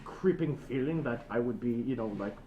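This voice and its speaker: A man's voice: mid-range voice, moderate pace, mellow, dull audio. A man from China chatting as a co-host, stumbling over repeated words with playfully formal phrasing. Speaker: co-host, guest. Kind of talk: casual chat. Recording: roomy echo, faint noise.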